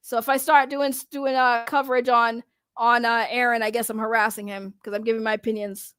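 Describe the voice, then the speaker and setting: A woman's voice: fairly high pitch, flat delivery, brisk, a bit bright, clear, resonant tone, no room sound, clean studio sound. A woman streamer giving casual, sarcastic live commentary, rambling with restarts and laughs.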